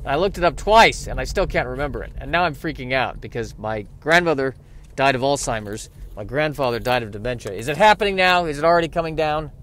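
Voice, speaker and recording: A man's voice: mid-range voice, animated, fast talker, a bit bright. Rambling self-mocking man. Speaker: comedy podcaster. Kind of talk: solo comedic monologue. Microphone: podcast mic.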